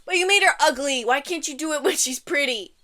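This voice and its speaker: A young woman chatting casually, animated and giggly, tripping over words as she reads facts aloud. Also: high-pitched, a little fast, no room sound. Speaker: vlogger.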